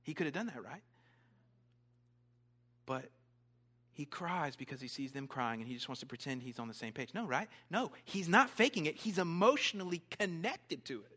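A male pastor preaching a sermon in an animated way, dropping to hushed tones and rising again. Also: a little high, moderate pace, husky. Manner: animated, swings from loud to hushed.

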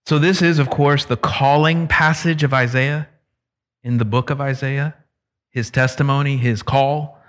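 A male preacher giving a conversational, emphatic sermon that explains scripture and slips into quick acted voices. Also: medium pitch, fairly even intonation, a bit bright.

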